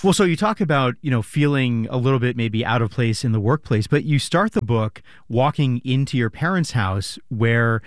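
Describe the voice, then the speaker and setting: A man's voice: mid-range voice, expressive, moderate pace, hardly any pauses, dry recording, clean studio sound. A man hosting an interview, asking attentive follow-up questions. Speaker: interviewer host.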